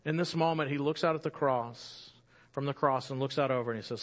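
Man preaching an animated sermon. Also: mid-range voice, brisk.

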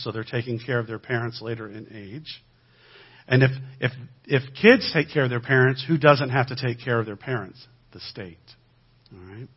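Male guest preacher, mid-pitched and husky, animated delivery, dull recording. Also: normal speed. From United States. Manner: animated, swings between loud emphasis and quiet asides. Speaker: guest speaker. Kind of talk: sermon-style teaching talk.

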